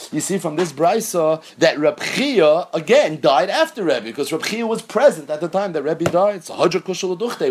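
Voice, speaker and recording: A man teaching a Talmud lesson, reading the Aramaic text and explaining it in English with Yeshivish Hebrew terms. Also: a little high.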